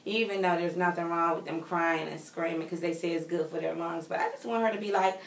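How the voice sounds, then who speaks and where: Pregnant woman vlogger, chatty and expressive, addressing viewers, echoey room, mic placed a bit far off. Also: lowish voice, fairly quick, gravelly, few pauses, slight background noise. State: heavily pregnant. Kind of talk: casual chat to viewers. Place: home nursery room.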